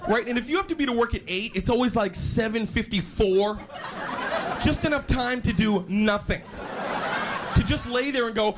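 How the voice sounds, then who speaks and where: A young male stand-up comedian with a high voice, telling a story with excitable energy and jumping into shouted bits. The live recording carries a clear noisy hiss throughout. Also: normal speed, a crowd in the background.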